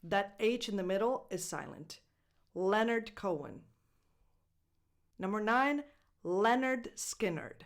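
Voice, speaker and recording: A woman with an Italian accent teaches English pronunciation in an unhurried, deliberate way. She repeats each word slowly and breaks it into syllables so every sound comes through. Her pitch sits in an ordinary middle range. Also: lively intonation. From Italy. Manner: slow, careful, repeating words syllable by syllable. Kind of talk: pronunciation lesson.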